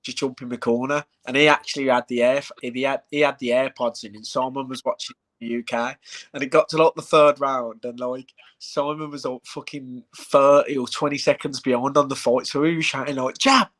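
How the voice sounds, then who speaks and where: A man chats casually on a live stream, at a middling pitch, as he talks about his own fights. He tells animated stories, swears freely and acts out what people said. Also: fairly quick. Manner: animated storyteller, heavy swearing, acts out quotes. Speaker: bare-knuckle fighter.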